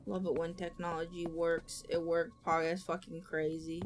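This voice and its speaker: A woman's voice: fairly low pitch, flat delivery, moderate pace, over music. A woman streamer playing a horror game, jumpy and swearing as she chats to her viewers. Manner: jumpy and swearing, chattering to chat. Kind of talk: casual live-stream chat.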